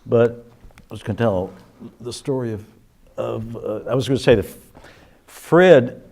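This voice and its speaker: A man's voice: medium pitch, measured pace, darkish tone, husky. An older man, a musician, reminiscing in a casual interview, rambling with many restarts and chuckles.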